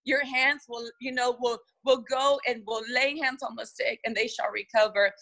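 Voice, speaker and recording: A woman's voice: on the high side, steady tone, normal speed, vocal fry, pushed and bright, rough recording. A woman lead pastor, from the United States, telling an earnest and emotional testimony in a podcast interview.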